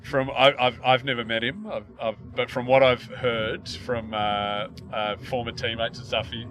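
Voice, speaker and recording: A man's voice: mid-range voice, flat delivery, measured pace, over music. A man in his thirties, a comedian guest, trading wry quips and chuckles in a casual chat. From Australia.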